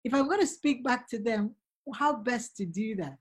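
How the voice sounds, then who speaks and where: A woman's voice: a little high, animated, normal speed, husky. A middle-aged woman, a guest author telling stories in earnest and acting out the voices she quotes. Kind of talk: casual conversation.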